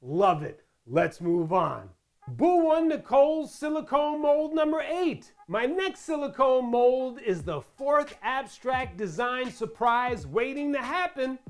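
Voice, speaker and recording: A crafting channel host giving a chatty tutorial voice-over, playful and full of asides and questions to the viewers. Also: mid-range voice.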